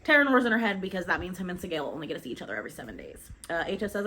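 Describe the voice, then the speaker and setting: A woman casually recapping a novel chapter by chapter, chatty and informal with quick asides and the odd swear, recording at home. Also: mid-range voice, sing-song, pushed and bright. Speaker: book recapper.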